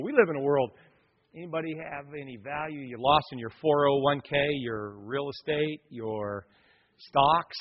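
A man's voice: fairly high pitch, breathy edge. A male pastor preaching a sermon, telling a story with drama and speaking straight to his congregation. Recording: dull lo-fi sound with long hall reverb.

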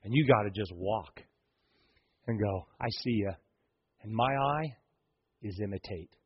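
A male pastor preaching a sermon, telling stories with animated swings between hushed and loud delivery. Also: on the low side, unhurried, breathy edge, highs cut off.

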